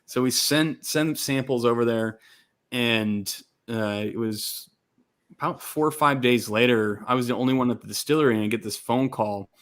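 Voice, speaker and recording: A man, a distillery co-founder from Texas, casually telling an animated story and acting out other people's lines. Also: medium pitch, moderate pace. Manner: animated, quotes others in lively voices.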